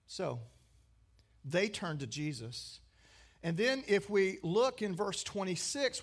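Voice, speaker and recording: A man preaching a sermon, swinging between emphatic, raised lines and hushed, quiet ones. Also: on the high side, vocal fry. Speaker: pastor.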